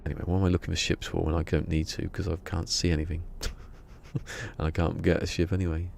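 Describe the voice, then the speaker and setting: A man's voice: deep voice, level tone, fast talker, gravelly, a little mellow, slight background noise. A man streaming a video game, rambling and muttering to himself as he plays. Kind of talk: casual live-stream commentary.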